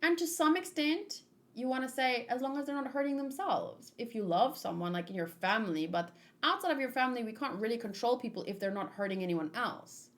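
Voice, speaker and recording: Animated woman reading manga aloud. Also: fairly high pitch, brisk. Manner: rambling, animated, thinking aloud. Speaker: manga read-along host. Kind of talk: casual chat and reading aloud.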